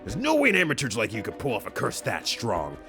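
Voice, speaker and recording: A man's voice: medium pitch, huge pitch swings, quick pace, sharp tone, soft background music, full character voice. A man voicing an angry, defiant male hero who curtly brushes off a villain's threats.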